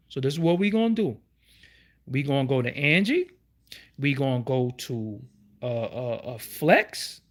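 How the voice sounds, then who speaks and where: A middle-aged man, hosting his own online show and ranting to his viewers with heated, repeated rhetorical questions. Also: fairly high pitch. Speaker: YouTube show host. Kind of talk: livestream rant.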